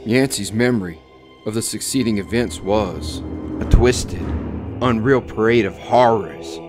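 A man narrating a horror story in a measured, suspenseful dramatic reading. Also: fairly low pitch. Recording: faint music under the voice.

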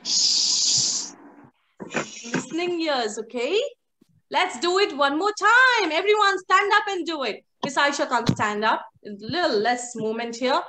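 A woman teaching an online phonics class to young children over a video call, coaxing them along with animated, sing-song prompts. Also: high-pitched, a little slow, pauses often, background noise.

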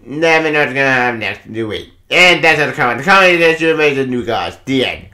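A man giving a casual comic book review, excitable, swearing a lot and laughing often. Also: medium pitch, fast talker, echoey room.

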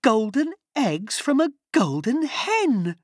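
A man voicing a poor, excitable mother who speaks in high, shrill cries. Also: takes it slowly, heavily acted. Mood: overjoyed.

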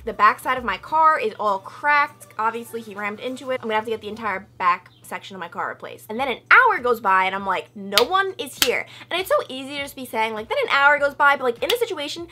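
A young woman vlogging, telling a story in a chatty, animated way and acting out quotes with loud high outbursts. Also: brisk, hardly any pauses. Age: young adult. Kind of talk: casual storytelling vlog.

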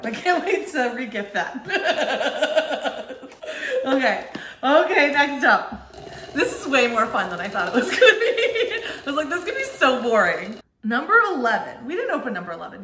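A woman's voice: high-pitched, a bit bright, reverberant, slight background noise. A young woman with a Texan accent, chatting through a casual unboxing vlog, giggling often and swearing casually. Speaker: vlogger.

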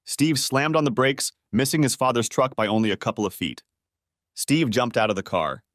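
A man's voice: mid-range voice, normal speed, fairly bright tone, no room sound, clean studio sound. A man narrating a dramatic first-person story for an audiobook.

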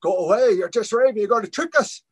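A man's voice: quick pace, husky. A man doing scornful night spirits shooing. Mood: dismissive. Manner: high, sharp shooing.

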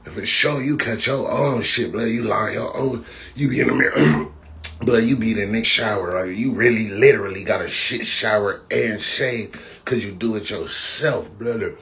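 A man talks on a casual livestream, with a voice that sits a bit on the low side. He rambles and roasts in loose, repetitive bursts, often breaking into laughter. A faint background hiss sits under his voice. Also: normal speed, fairly bright tone. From Compton, California. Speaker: livestream host.

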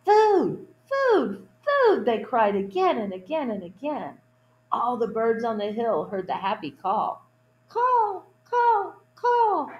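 A woman reading a children's picture book aloud at storytime, adding gentle asides to young listeners. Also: mid-range voice, roomy sound, lo-fi sound. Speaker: storytime reader.

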